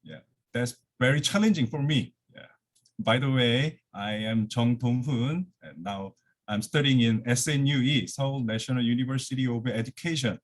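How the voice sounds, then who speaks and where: Over a video call from his office, a Korean guest lecturer gives an academic lecture, slightly out of breath and full of fillers and restarts. He is from Korea and Korean is his first language. His voice is medium-pitched at a normal speed.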